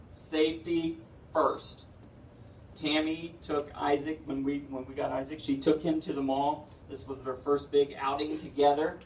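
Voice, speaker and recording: A man's voice: on the high side, a little mellow, a little hiss or hum. Middle-aged man telling stand-up stories. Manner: chatty, chuckling, self-deprecating. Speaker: stand-up comedian. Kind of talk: stand-up comedy storytelling. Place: indoor event hall. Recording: echoey hall from far off.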